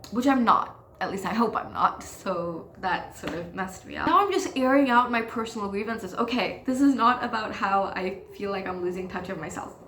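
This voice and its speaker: A woman's voice: medium pitch, fairly bright tone, roomy sound, slight background noise. A teenage girl hosting her own podcast, ranting frankly and self-deprecatingly in casual talk, swearing freely. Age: teens. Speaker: podcast host. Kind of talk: casual confessional rant.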